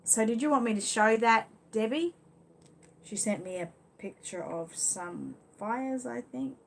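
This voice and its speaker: Chatting casually on a live stream, this Australian host responds to viewers' comments at a measured pace. Her voice is mid-range, expressive, and gravelly, and she leans heavily on easy fillers like "you know" along with friendly asides.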